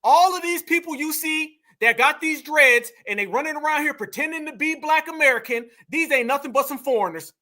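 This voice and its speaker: Male commentary host, very high pitch, confrontational preachy delivery. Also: a little fast, few pauses, pushed and bright. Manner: preachy, confrontational, keeps calling listeners "fam". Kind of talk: heated reaction commentary.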